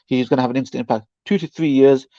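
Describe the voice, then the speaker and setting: A male caller with a mellow, warm voice gives a measured opinion, hedging with um and I mean. The call line sounds dull and lo-fi, and the sound is dry. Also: medium pitch, fairly even intonation, no room sound.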